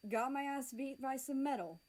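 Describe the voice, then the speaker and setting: A woman's voice: high voice, moderate pace, darkish tone, pitched above the performer's own voice, lightly acted, rough recording. Cocky teasing teen boy, class president type, woman reading him.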